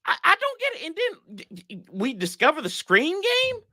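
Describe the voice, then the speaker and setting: A man with a notably high, bright voice rants as a sports show host. His pitch swings widely as he rambles, exasperated, and throws slangy asides to his viewers. The sound is dry and close. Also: wildly swooping pitch, moderate pace, dry recording. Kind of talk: casual sports rant.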